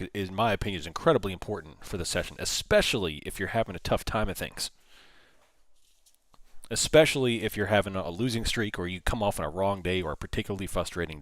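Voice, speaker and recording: A man hosting a live trading stream, giving animated, folksy market commentary straight to his viewers. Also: deep voice, no room sound, clean studio sound. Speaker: options trader hosting a livestream.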